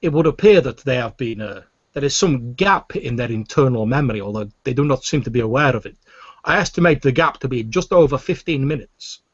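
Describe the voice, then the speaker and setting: A man's voice: medium pitch, expressive, brisk, breathy edge, no echo, voice pushed up. A man voicing a formal, overly polite male alien steward reporting over a comm link, recorded with dull lo-fi sound.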